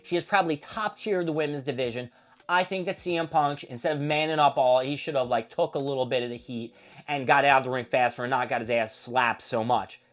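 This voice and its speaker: A man hosting a show, recapping a wrestling feud in a casual, profane, animated storytelling manner. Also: mid-range voice, brisk. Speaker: host.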